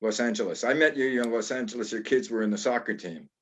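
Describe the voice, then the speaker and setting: A man hosting a casual interview, asking quick questions with short interjections. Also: medium pitch. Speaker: host.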